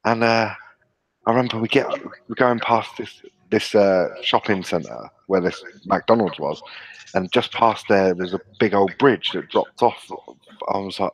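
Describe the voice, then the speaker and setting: A man with a low voice tells childhood stories in casual chat, swearing constantly and laughing along. His voice sounds dry and close, with no room echo. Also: unhurried. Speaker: podcast co-host. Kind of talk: casual storytelling.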